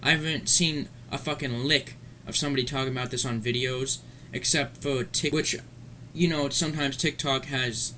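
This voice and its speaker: A man in the middle of an angry, rambling rant, swearing freely as he goes. His pitch sits at an ordinary middle height, with a faint murmur of room ambience behind him. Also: fairly even intonation, normal speed, hardly any pauses, bright, forceful tone, slight background noise. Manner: profane, heated, rambling. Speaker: commentary vlogger. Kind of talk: ranting commentary.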